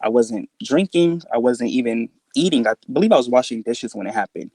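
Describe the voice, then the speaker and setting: A man recounting a frightening personal experience in casual, halting speech, full of fillers and restarts, jumping up in pitch to act out quoted dialogue. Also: expressive, darkish tone, breathy edge, no echo. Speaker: guest telling a personal encounter story.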